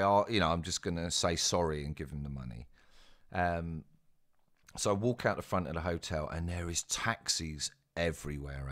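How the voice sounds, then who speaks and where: A man's voice: sits low, fairly bright tone. A young man telling a rambling, casual anecdote with plenty of swearing. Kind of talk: casual storytelling.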